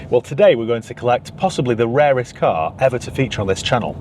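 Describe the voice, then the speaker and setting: A man's voice: medium pitch, lively intonation, fast talker, darkish tone, a little hiss or hum. Dry, joking Northern English man. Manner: dry, sarcastic humour. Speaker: used car dealer and channel host. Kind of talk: casual vlog to camera.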